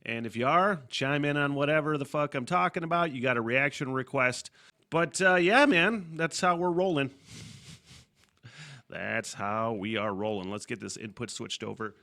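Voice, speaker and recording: A man's voice: medium pitch, moderate pace, sharp tone. A man hosting his own podcast, chatting casually and loosely, swearing freely and laughing at his own asides. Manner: loose and profane, rambling with fillers and chuckles. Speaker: podcast host. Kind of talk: casual solo podcast chat.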